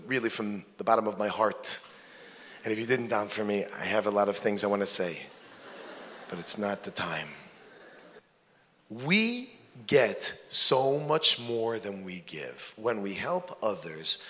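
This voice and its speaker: A man, a rabbi, giving a sermon and telling stories with joking asides. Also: fairly low pitch. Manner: animated storyteller, joking asides. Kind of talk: sermon with storytelling. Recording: long hall reverb.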